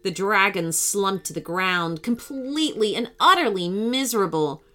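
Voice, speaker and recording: A woman narrating a scripted children's story in an expressive, animated storytelling manner. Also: mid-range voice, normal speed.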